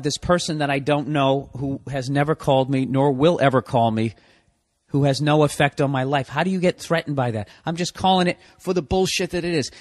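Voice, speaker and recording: A man's voice: mid-range voice, no room sound. A man in his forties hosting a solo podcast, ranting with profane sarcasm. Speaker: podcast host.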